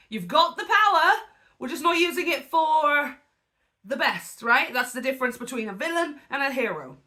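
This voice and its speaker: A woman hosting reaction commentary as a spiritual coach, talking in an animated, conversational way with preachy asides. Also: medium pitch.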